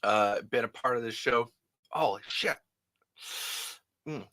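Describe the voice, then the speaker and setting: A man's voice: medium pitch, slow, sharp tone, dry recording. A man hosting a late-night podcast, chatting in a rambling, profane, chuckling way. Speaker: podcast host.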